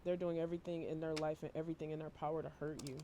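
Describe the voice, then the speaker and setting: A worn-out man giving a casual tarot reading to camera, talking in a flat, low-energy monotone and swearing casually. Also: very fast, slight background noise. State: emotionally worn out. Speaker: tarot reader.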